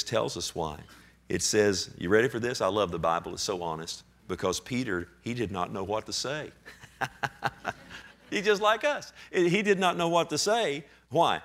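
A man preaching a sermon, reading scripture slowly and swinging between hushed and loud, animated delivery. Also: medium pitch. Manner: reads scripture aloud with slow emphasis. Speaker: pastor.

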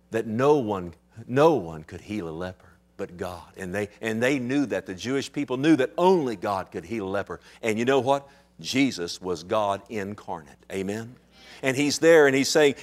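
A man preaching a sermon to a congregation with impassioned emphasis, asking rhetorical questions and swinging between loud declarations and hushed intensity. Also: lowish voice. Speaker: pastor.

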